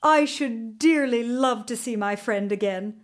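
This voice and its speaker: A woman voicing a weary older male guardian warrior in a storybook reading, speaking gently and courteously. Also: fairly high pitch, a little slow, close to an everyday voice.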